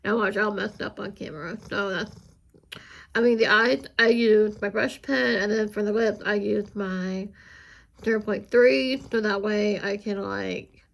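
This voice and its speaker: Chatty woman with a gravelly edge. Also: steady tone, unhurried, muffled recording. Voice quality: high squeaky voice. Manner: rambling, chatty, talks to viewers while working. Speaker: art channel host. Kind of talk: casual chat while drawing.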